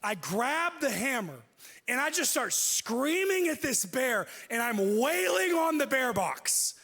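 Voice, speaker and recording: A man preaching a sermon, telling a personal story with lively delivery and acting out what people said. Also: very high voice, slow. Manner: animated, acts out quoted speech. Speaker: pastor. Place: church auditorium. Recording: long hall reverb.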